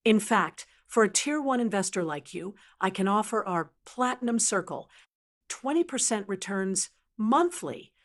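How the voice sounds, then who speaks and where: A woman playing a middle-aged male swindler with smooth, practiced patter that slips into hissing and whispering. The voice stays near the narrator's own mid-range pitch, with little disguise. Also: animated, a little slow, natural voice. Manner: smooth salesman patter turning to hissed pleading. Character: slick desperate male con man, middle-aged.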